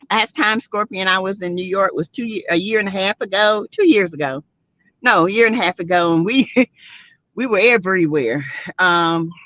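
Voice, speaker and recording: A woman's voice: mid-range voice, fairly bright tone, dry recording, muffled recording. Sassy Southern woman gossiping live. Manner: sassy, laughs a lot, greets viewers by name. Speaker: live-stream host. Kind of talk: casual gossip chat.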